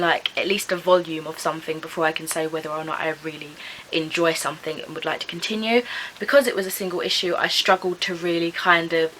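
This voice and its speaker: A young woman rambles cheerfully through a casual book review vlog, stacking up "like" and "kind of" as she goes. Her voice is bright and clear at a middling pitch, and she often second-guesses how to pronounce names. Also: a little hiss or hum, poor audio. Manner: chatty, rambling, heavy use of "like" and "kind of"; hedging, unsure of name pronunciations. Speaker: book vlogger.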